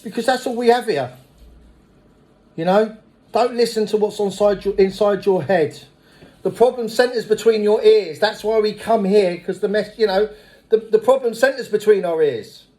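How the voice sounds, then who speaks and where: High-voiced blunt man. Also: moderate pace. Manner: blunt, swears freely; lively storyteller. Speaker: speaker at a recovery meeting. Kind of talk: personal recovery testimony.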